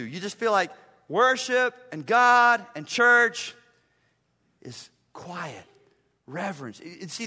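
A man preaching a passionate sermon as pastor, swinging between loud emphasis and hushed asides in a church. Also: high-pitched, long reverb tail. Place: church sanctuary.

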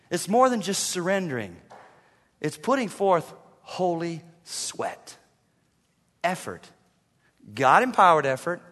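High bright-voiced preacher guy, punchy sermon, big hall reverb. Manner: emphatic, swings between soft and loud. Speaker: pastor.

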